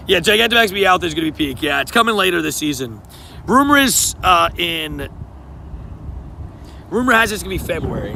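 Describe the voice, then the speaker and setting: A young man talks to his live chat from outdoors in a relaxed, slang-heavy way, calling out viewers by name. His voice sits a bit high and has a bright edge with a gravelly rasp. Faint traffic noise hums behind him. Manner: laid-back and slangy, greeting chatters by name. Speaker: streamer. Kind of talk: casual live-stream chat.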